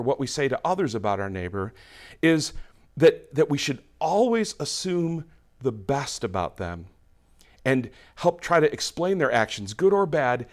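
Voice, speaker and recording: A man, a pastor, preaching a sermon in a conversational way and explaining through everyday examples. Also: mid-range voice.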